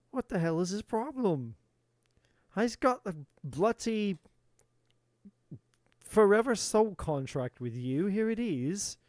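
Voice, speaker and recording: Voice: medium pitch, big pitch swings, slow, darkish tone, no room sound, studio quality. A tarot reader giving a live reading in a playful put-on British accent, swearing and exasperated in a theatrical way.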